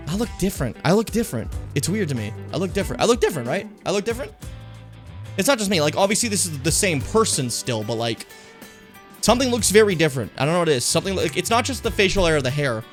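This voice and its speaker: A young man on a casual stream, rambling and swearing as he mocks himself. His fairly high voice leaps all over its range, over faint background music. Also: very animated, fast talker. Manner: rambling, profane, self-mocking.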